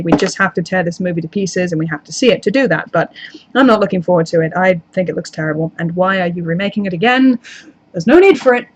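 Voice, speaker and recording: Speaking in a mid-range voice, a female YouTuber chats loosely during a live session, working through viewer comments with meandering talk and self-deprecating remarks.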